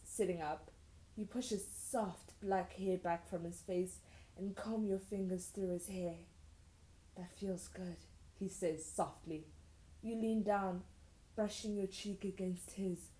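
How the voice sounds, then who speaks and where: A woman's voice: mid-range voice, mellow. A young woman reading old fan fiction aloud and breaking off for sarcastic, incredulous asides. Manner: sarcastic, incredulous asides between read passages. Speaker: YouTuber. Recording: roomy echoey room.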